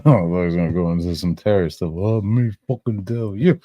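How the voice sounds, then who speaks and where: A man's voice: deep voice, moderate pace, dark tone, no room sound. A man hosting a live stream, chatting casually and reacting with loose, profane remarks. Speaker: stream host.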